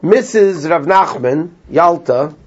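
A man teaching a small class, retelling a story with lively energy and translating as he goes. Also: fairly high pitch, slow, husky. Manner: animated storyteller, translating line by line, laughs often. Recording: lo-fi dull sound.

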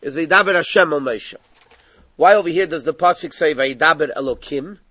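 A man's voice: fairly high pitch, a little fast, bright, forceful tone, no room sound. A man teaching a text study class, explaining the passage step by step and mixing in Hebrew terms. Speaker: Torah teacher. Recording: dull lo-fi recording.

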